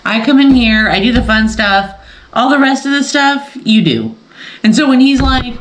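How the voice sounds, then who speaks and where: A woman's voice: a little high, expressive, moderate pace, echoey room, slight background noise, rough recording. A woman hosting a casual sew-along quilting vlog from her home sewing room, talking in a chatty, rambling way and laughing often. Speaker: quilting channel host.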